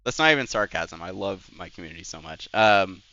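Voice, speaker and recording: Young male streamer who chats and rambles. Bright, crisp voice with a lively lilt. Dry, lo-fi mic. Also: deep voice, a little fast, dry recording. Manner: rambling and chatty, full of "like" and "anyways". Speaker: Twitch streamer. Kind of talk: casual live-stream chat while gaming.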